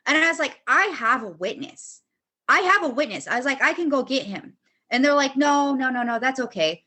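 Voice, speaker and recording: A woman's voice: medium pitch, fairly bright tone. A young woman guest on a podcast, bluntly telling a personal story, swearing often and acting out past arguments in quotes.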